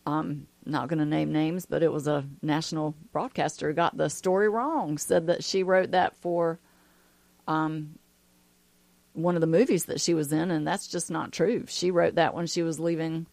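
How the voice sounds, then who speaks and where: A woman's voice: sits low, steady tone, moderate pace, creaky, darkish tone, no echo. A woman co-hosting a casual radio chat, chatty and opinionated. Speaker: radio co-host.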